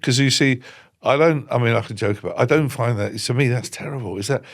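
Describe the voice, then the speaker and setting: A man's voice: mid-range voice, fast talker. A man in his sixties hosting a podcast, chatting casually in a rambling, jovial way with frequent restarts. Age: 60s. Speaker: podcast host. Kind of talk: casual interview conversation.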